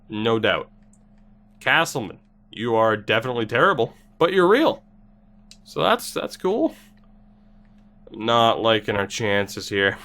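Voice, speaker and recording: A man at a desk mic streaming a hockey video game. He mutters wry, sarcastic remarks as he plays and reads viewers' comments aloud, with a pitch that swings up and down constantly. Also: fairly bright tone. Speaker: gaming streamer.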